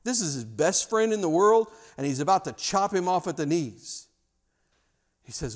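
A man's voice: high voice, lively intonation, moderate pace. A man preaching a sermon in a church, speaking earnestly with frequent stammered restarts. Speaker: pastor.

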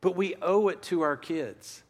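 A pastor in his fifties delivers a sermon in an earnest, conversational way, telling family stories between his points. His voice sits fairly high for a man. The sound carries a long reverb from a large hall. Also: unhurried. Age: 50s. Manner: earnest, conversational storytelling with shifting emphasis.

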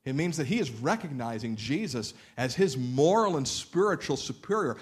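Man preaching with swings from loud to hushed. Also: mid-range voice, very animated, brisk, hardly any pauses. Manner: preaching with wide swings between loud emphasis and quiet, hushed lines; explains like a teacher, checking in with the congregation. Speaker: pastor. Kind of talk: sermon.

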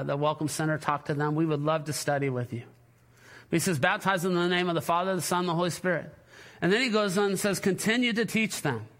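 A man, a pastor, preaching a sermon in a church, animated and joking with the congregation, repeating words when worked up. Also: on the high side. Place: church sanctuary.

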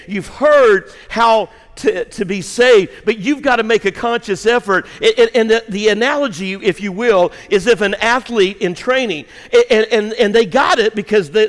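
In a church sanctuary, a middle-aged pastor delivers a blunt sermon directly to his congregation, swinging between shouts and a hushed near-whisper. His voice is high-pitched, with big-room sound.

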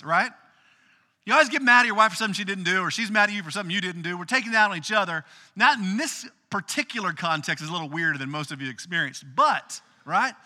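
Man, preacher, high pitch, very bright voice, casual storytelling sermon, long reverb. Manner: casual, animated storytelling with acted quotes. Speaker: pastor. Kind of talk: sermon retelling a Bible story.

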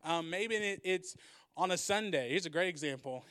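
A man's voice: high-pitched, moderate pace, smooth. A young man giving a casual sermon, retelling a story and acting out the characters. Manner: animated, acts out characters. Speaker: preacher.

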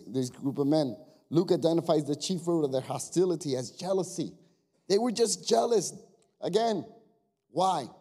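A male pastor giving a lively, animated sermon, speaking directly to his congregation with jokes and quiet asides. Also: a little high.

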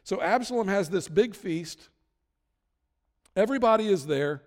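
A man's voice: high voice, expressive, unhurried. A man telling a sermon story in a casual, conversational way, now and then acting out what the characters say. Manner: casual retelling with acted-out quotes. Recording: long hall reverb.

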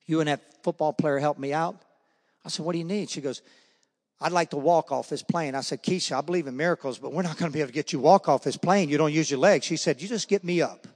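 A man telling a testimony story at a men's breakfast, acting out the dialogue with bursts of emphasis. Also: fairly high pitch. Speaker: guest speaker at a men's breakfast. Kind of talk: testimony speech. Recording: long reverb of a hall.

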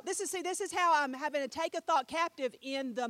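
A middle-aged woman preaching a sermon, telling a story with animated swings between loud and soft and putting questions to her listeners. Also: high voice, fairly quick, hardly any pauses, no room sound. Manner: talks with the audience, asks them questions.

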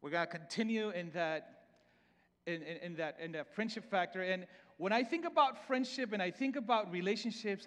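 High-voiced preacher with a Salvadoran accent. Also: male voice, fairly bright tone, in a large hall. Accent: Salvadoran Spanish. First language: Spanish. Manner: repeats words often and restarts, conversational preaching. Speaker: pastor. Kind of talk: sermon.

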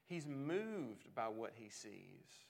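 A man's voice: medium pitch, very animated, very slow, vocal fry, a little mellow. A man preaching a sermon in an earnest way, often repeating words as he restarts a thought. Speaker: pastor.

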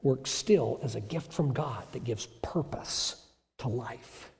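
A man's voice: medium pitch, slow pace, gravelly, darkish tone, long reverb tail. A male pastor preaching a sermon in an emphatic storytelling manner with rhetorical questions.

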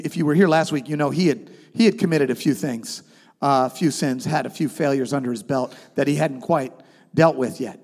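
A man preaching a sermon as pastor, retelling a story with emphatic swings in pitch and loudness. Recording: long reverb of a large hall.

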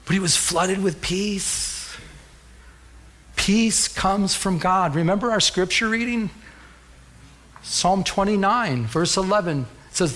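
A man's voice: sits high, a little slow, a bit bright. A middle-aged man preaching a sermon as pastor, telling a personal story and rising to fervent calls to the congregation.

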